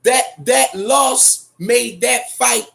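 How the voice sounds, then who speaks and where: A man's voice: very high voice, very slow, gravelly, fairly bright tone. A man hosting a boxing talk show, giving profane, emphatic commentary and repeating his points. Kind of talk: casual boxing commentary rant.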